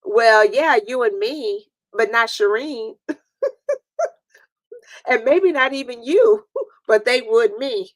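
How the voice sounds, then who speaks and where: She talks slowly in an animated, slightly high voice on a dry recording. The New York host keeps her live-stream chat casual and playful with viewers, laughing often.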